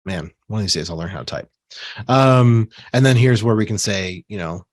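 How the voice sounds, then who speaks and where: A man giving a relaxed screen-share software tutorial, talking casually with fillers and asides while he has the hiccups. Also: lowish voice, moderate pace, no room sound, clean studio sound. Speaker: software trainer.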